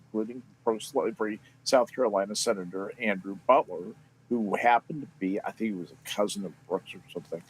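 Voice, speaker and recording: A man with a very lively, swooping pitch, telling a story casually to fellow panelists. A faint background hum sits under his voice. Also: poor audio. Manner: storytelling, expressive, swearing.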